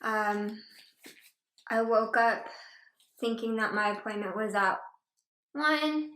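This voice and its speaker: At home, a mukbang vlogger eats while chatting casually, rambling between murmurs of enjoyment. Her voice is a little high and bright, slow and full of pauses, in an echoey room with faint noise.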